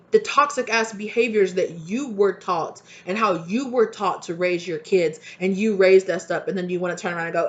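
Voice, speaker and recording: A woman's voice: mid-range voice, fairly quick, few pauses. A young adult woman, a tarot reader, talking casually to camera in a heated, passionate rant with swearing.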